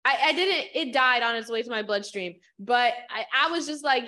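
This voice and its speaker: Woman co-host with a high bright voice, swears a lot, blunt jokey talk. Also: expressive, normal speed. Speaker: podcast co-host. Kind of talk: casual chat.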